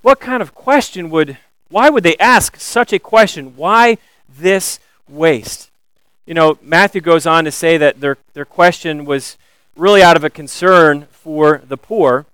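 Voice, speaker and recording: A man delivers a sermon in a smooth, fairly high voice. He is animated and builds to emphatic questions. The sound is close and dry. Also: normal speed, no room sound, rough recording. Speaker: pastor.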